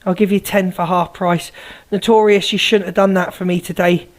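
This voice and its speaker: A man's voice: high-pitched, little pitch movement, normal speed. A man hosting a phone live stream, chatting bluntly and teasingly while thanking viewers for gifts.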